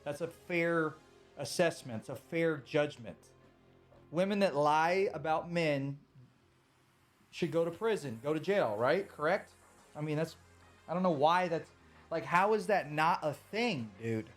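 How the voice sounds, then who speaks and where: A man's voice: fairly high pitch, unhurried, long pauses, faint music behind. A man ranting on a live stream in a casual, emphatic way, swearing often and repeating his points.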